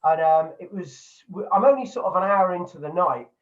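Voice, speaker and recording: A man's voice: high-pitched, animated, normal speed, recorded from a distance, phone-quality sound. A man who works as a DJ, telling stories in casual chat, swearing freely and speaking with lots of animation.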